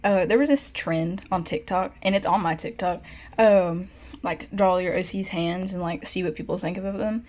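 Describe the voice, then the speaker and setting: A young woman giving a casual sketchbook tour, rambling with lots of fillers and self-corrections, breaking into excited bursts over favorite drawings. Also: on the low side, moderate pace. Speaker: art vlogger.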